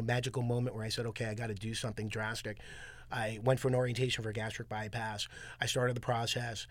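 A man from Long Island, a comedian guest, telling lively anecdotes and acting out the people in them in a casual interview. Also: medium pitch, no echo. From Long Island, New York. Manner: animated anecdotes with acted-out quotes.

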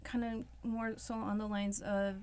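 A woman's voice: medium pitch, little pitch movement, measured pace, darkish tone, smooth. A young woman, a student, talking casually and hesitantly, using lots of filler words like "like" and "kinda". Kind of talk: casual discussion.

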